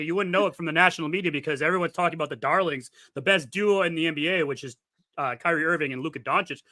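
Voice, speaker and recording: A man's voice: on the high side, fast, sharp tone, no echo. A man co-hosting a casual sports podcast, ranting indignantly and swearing freely. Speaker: podcast co-host.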